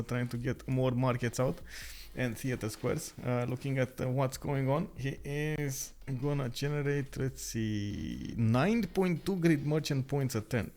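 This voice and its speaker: A young man casting a live strategy game, talking quickly with many filler sounds and excited outbursts. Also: medium pitch, creaky. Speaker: esports caster.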